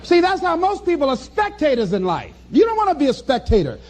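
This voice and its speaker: A man giving a motivational speech to an audience, preacherly and animated, acting out little dialogues with chuckles. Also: very high-pitched, fairly quick, some chatter behind. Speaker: motivational speaker.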